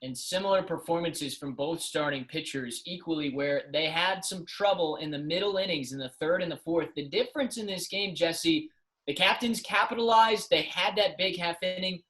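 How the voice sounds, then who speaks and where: A man's voice: on the high side, moderate pace, bright, forceful tone, poor audio. A man giving conversational, analytical baseball color commentary.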